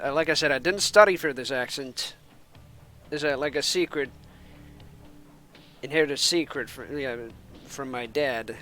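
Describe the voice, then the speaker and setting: Finnish-born male esports caster, American-sounding English, rambling and self-mocking, mid-pitched, faint music behind. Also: pushed and bright. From Finland. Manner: rambling, chatty, laughs at himself. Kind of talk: casual stream chatter while waiting for matches.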